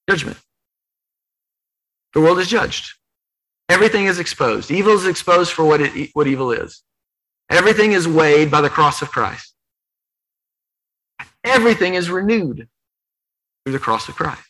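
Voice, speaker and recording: A man's voice: fairly high pitch, lively intonation, normal speed, pauses often, sharp tone, poor audio. A man preaching a sermon, earnest and emphatic, retelling scripture in his own words with repetition. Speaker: pastor.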